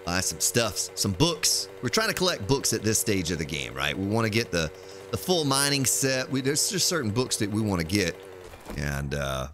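A man's voice: lowish voice, sing-song, moderate pace, background noise. Chatty male game streamer. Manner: chatty, thinks aloud while playing. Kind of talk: casual gameplay commentary.

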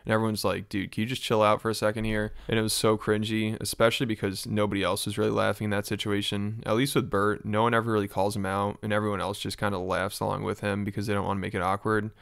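A man with a low, gravelly yet smooth voice gives chatty, mildly exasperated commentary. He speaks in an even, flat tone, recorded dry and close. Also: fast, hardly any pauses, no echo. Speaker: YouTube commentator. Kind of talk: casual reaction commentary.

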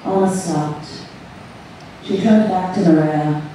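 Brief: woman reading her story live, slow and measured, captured from far off in an echoey room. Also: fairly low pitch, mellow, slight background noise. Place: event room on a cruise ship. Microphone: far audience camera. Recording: echoey hall recorded from far off.

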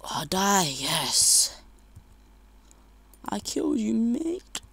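A man giving casual, excitable commentary over a shooter game, jumping from shouts to muttered whispers. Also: sits high, extremely slow, gravelly, slightly rough. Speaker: gamer commentator.

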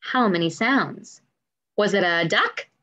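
A woman's voice: medium pitch, lively intonation, slow pace, bright, forceful tone, lo-fi sound. A woman music teacher giving an online lesson to young children, drawing out words in a sing-song way and asking lots of encouraging questions.

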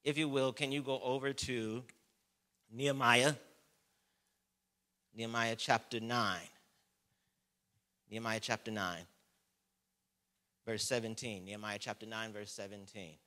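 Slow, bright-voiced preaching pastor. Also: male voice, fairly even intonation. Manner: slow, emphatic preaching that climbs in pitch and volume while reading scripture; asks the congregation to repeat and highlight words. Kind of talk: sermon.

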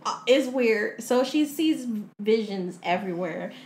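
Animated woman recapping a movie. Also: a little high, measured pace, echoey room, slight background noise. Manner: animated, laughing, acts out quotes. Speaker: podcast host.

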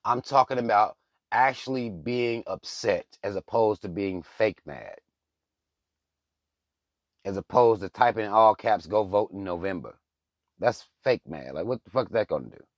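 Deep-voiced man ranting bluntly. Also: expressive, normal speed, no echo, clean studio sound. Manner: blunt, profane and heated. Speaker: channel host. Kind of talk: casual political commentary rant.

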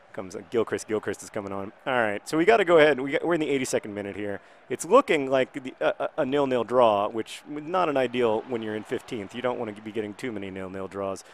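A man's voice: medium pitch, a little hiss or hum. A man in his thirties giving rambling, wry commentary on a video game while worn out and recovering from illness. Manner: wry, rambling, bursts into excited shouting. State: recovering from illness, low energy. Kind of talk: casual gameplay commentary.

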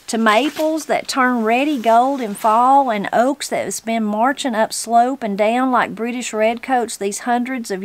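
A woman's voice: on the high side, no echo, lightly acted. A woman voicing a fierce, shrewd elderly mountain granny. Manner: plain-spoken, stubborn.

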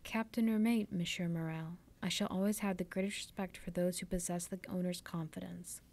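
A serious, courteous young sailor answers his employer with quiet respect, as a woman reads him aloud. The voice is mellow and dark-toned, grave rather than lively. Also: on the low side, fairly quick. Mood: earnest. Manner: grave and polite.

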